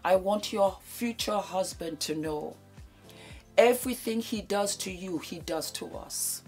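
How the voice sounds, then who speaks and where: A woman's voice: medium pitch, unhurried, a little mellow, soft background music. A woman in her fifties giving an emotional speech, effusive and repeating her thanks over and over. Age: 50s. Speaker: beauty vlogger giving a thank-you speech.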